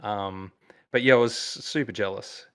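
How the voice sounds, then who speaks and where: A man with an Australian accent, a musician guest chatting casually and telling rambling, excited stories full of fillers. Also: on the low side, unhurried, clean tone. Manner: enthusiastic, rambling storyteller with many fillers. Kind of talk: casual chat.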